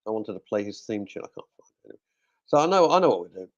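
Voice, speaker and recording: A man's voice: fairly low pitch, very animated, fast talker, highs cut off. A male radio host chatting casually in a studio, cracking jokes and reading out listener messages. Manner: jokey, rambling, talks to himself.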